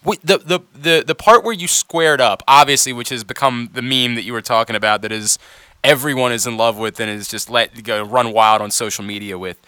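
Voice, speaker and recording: A man hosting an interview show, talking casually and eagerly, quick to laugh along with his guest. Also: medium pitch, bright, forceful tone, clear, resonant tone, dry recording, studio quality. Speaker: podcast host.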